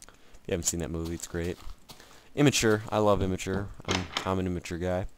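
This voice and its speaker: A low-voiced man keeps a steady tone and a fairly quick pace while rambling through casual commentary over a video game. He cracks jokes at his own expense and talks to the game and himself, with slight background noise present.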